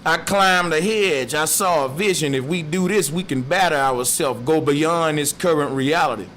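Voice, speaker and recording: A man's voice: fairly high pitch, normal speed, fairly bright tone, soft background music, natural voice. A man voicing a restless male rat who pleads earnestly with the others to leave the maze. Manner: earnest, pleading street talk.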